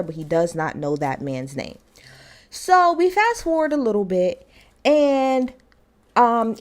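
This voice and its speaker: A woman recapping a TV episode in a heated, emphatic rant, full of slang and repetition. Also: medium pitch. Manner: animated, emphatic, slangy storytelling. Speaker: TV show reviewer.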